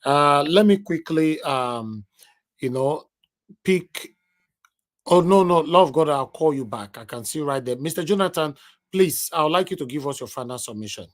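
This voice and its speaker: A Nigerian man hosting a live-stream panel over a video call, courteous and brisk as he calls on speakers. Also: fairly high pitch, animated. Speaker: host.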